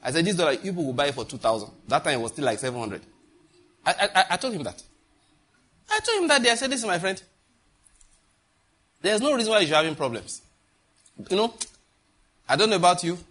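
Nigerian man, middle-aged preacher, husky, animated storyteller. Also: high-pitched, brisk, pauses often. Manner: animated storytelling with Pidgin asides. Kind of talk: sermon.

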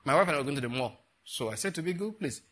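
A middle-aged Nigerian man preaching a sermon, telling stories with animated, laughing retellings. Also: a little high, rapid-fire. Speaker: pastor. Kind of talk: sermon with storytelling.

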